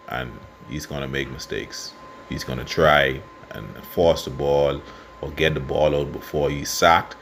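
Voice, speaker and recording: A Bahamian man giving casual football commentary and predictions, passionate and quick to get worked up. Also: rumbling low, a little hiss or hum. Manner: passionate, gets worked up and loud. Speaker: sports fan vlogger.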